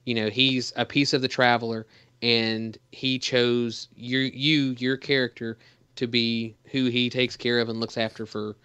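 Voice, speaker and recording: A man's voice: medium pitch, level tone, unhurried, bright, forceful tone, smooth, no room sound. A man co-hosting a gaming podcast, talking in a rambling casual way with lots of fillers and restarts. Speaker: podcast co-host.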